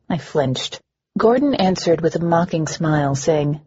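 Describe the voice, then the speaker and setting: A woman's voice: on the low side, sing-song, moderate pace, mellow, breathy edge. A woman narrating a first-person audiobook with a dry, wry delivery. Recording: dull lo-fi recording.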